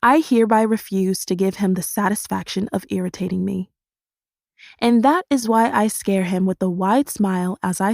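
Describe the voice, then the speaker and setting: A woman narrates a first-person novel as an audiobook, telling it in a steady, expressive way. Her pitch is middling, and the recording is dry and close, without any room echo. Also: normal speed, gravelly.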